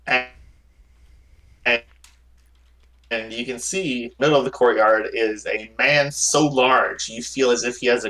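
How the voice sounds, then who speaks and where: Bright-voiced male game master. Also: medium pitch, poor audio. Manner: halting, many fillers. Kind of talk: narrating a tabletop game.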